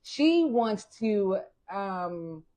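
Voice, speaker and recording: Relaxed mid-pitched woman chatting. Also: extremely slow, rough recording. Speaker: podcast co-host. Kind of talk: casual chat.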